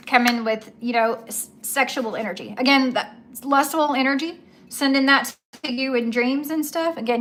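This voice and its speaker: A woman's voice: high voice, pushed and bright. A young woman giving a casual tarot reading, chatty and emphatic, with slangy asides and repeated key words. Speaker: tarot reader.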